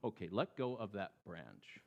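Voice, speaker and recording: Man doing God, calm and patient, low soft voice, slow, sermon story. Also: lo-fi sound, exaggerated voice.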